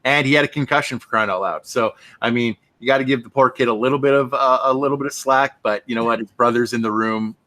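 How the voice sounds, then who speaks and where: A man talks through favorite film scenes as a podcast co-host, animated and conversational at a middle pitch. His voice sits dry and close, with almost no room sound. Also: fast talker, few pauses, no echo. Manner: animated, acts out film dialogue with laughs. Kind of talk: casual film discussion.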